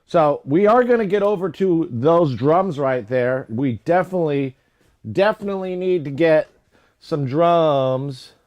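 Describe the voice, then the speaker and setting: A man's voice: on the high side, lively intonation, a little slow, a little mellow. Man, home studio livestream, casual chat, rambling, self-mocking. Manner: rambling, self-mocking, repeats tongue twisters. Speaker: streamer making music.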